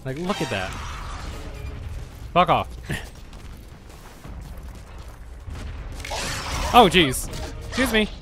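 A man's voice: a little high, unhurried, pauses often. Guy doing let's play commentary, swears a ton, yelps when stuff attacks, game music underneath. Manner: profane, excitable, yelps at enemies. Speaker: gamer.

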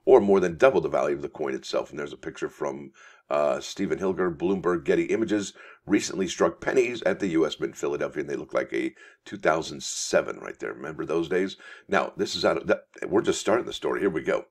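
A man's voice: a bass voice, animated, fairly quick, breathy edge. A male coin channel host giving casual news commentary, reading articles aloud in a chatty, folksy way and calling his viewers folks. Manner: reads articles aloud with asides.

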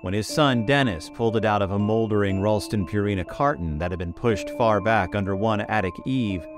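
A man reading a horror story aloud in a slow, measured narration. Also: lowish voice. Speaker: story reader.

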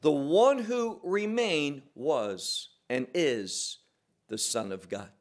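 Slow, emphatic man teaching scripture. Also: a little high. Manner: slow, emphatic, with pauses and restarts. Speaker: Bible teacher. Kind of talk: verse-by-verse Bible teaching.

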